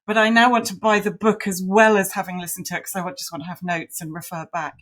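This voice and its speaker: A woman in her forties hosting an interview podcast, enthusiastic and quick to laugh in casual conversation. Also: mid-range voice, flat delivery, fairly bright tone. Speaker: podcast host.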